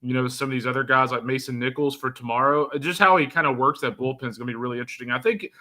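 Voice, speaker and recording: A man giving casual sports analysis as a co-host, measured and relaxed, leaning on filler phrases as he talks. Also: mid-range voice. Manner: measured, heavy on "you know" fillers.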